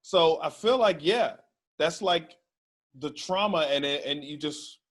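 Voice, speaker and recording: A man's voice: on the high side, a little slow, a bit bright. A man hosting a podcast, chatting casually and reacting with short quips. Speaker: podcast host. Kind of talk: casual chat.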